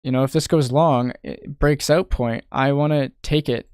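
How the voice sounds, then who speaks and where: A man's voice: medium pitch, fairly even intonation, normal speed, a little mellow, smooth, no echo, clean studio sound. Frustrated young man muttering over trades. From Canada. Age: young adult. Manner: frustrated muttering, thinking aloud, swearing. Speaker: day trader streaming live. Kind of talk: casual live-stream commentary.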